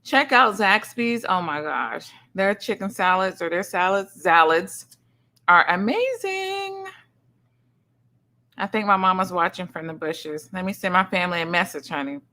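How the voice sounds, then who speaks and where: A middle-aged woman hosting a livestream in casual chat, effusively greeting each viewer with loud, high greetings and calling people honey and sugar. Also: lively intonation, a little slow. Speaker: livestream host. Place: son's home streaming setup.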